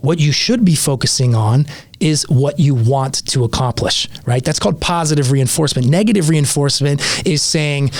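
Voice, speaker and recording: A man's voice: medium pitch, normal speed. A man telling a vivid story as a podcast guest, speaking earnestly in a casual interview.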